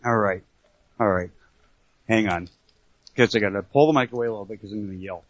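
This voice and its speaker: A man's voice: on the low side, quick pace, no echo. Laid-back man from Canada, co-hosting and cursing easily. His voice comes through a dry, slightly dull internet radio mic. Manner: laid-back, swears casually. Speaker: co-host. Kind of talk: casual chat.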